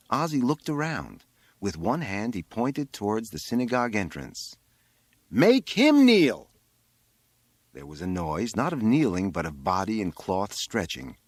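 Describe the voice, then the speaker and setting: A man reading a literary short story aloud, with expressive, dramatic phrasing. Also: lowish voice, no room sound. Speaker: audiobook reader. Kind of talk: literary audiobook narration.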